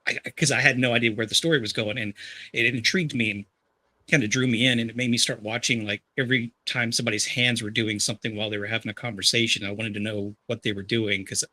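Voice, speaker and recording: A man's voice: fairly low pitch, fairly even intonation, fast talker, sharp tone. A man on a livestreamed movie podcast, talking in a rambling, enthusiastic way with many restarts. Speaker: podcast co-host. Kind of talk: casual movie discussion.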